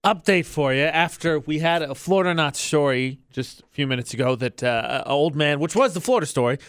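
A man's voice: fairly high pitch, brisk, a bit bright, clear, resonant tone, no echo, studio quality. A man co-hosting a morning radio show, telling stories in a chatty, joking way. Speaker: radio co-host.

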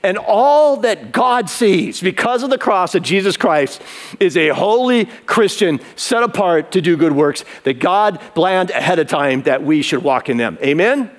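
A man's voice: high voice, lively intonation, measured pace. A man pastor preaching an emphatic sermon that builds in intensity, in a converted barn used as a church.

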